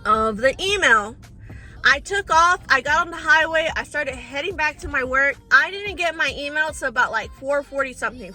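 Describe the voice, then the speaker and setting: A young woman with a high, bright voice tells a personal story straight to her viewers. She talks in a chatty, exasperated way, calling them y'all and girl. Faint music sits under her voice. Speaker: storytime vlogger.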